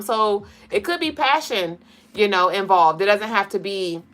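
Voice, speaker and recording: A woman's voice: medium pitch, expressive, normal speed, fairly bright tone. A woman hosting a casual livestream of daily spiritual and tarot readings. She is chatty and profane, laughs often, and reads chat comments aloud.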